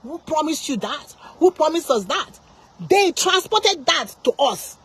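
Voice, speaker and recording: A woman's voice: sits high, sing-song, a little slow, a bit bright. A woman preaching an informal sermon, impassioned and full of repeated rhetorical questions.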